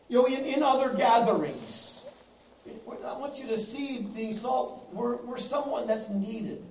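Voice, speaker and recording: A man preaching a sermon to his congregation in a church, repeating key phrases and slowing down to stress them. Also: high voice, darkish tone, slight background noise. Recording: echoey, distant room mic.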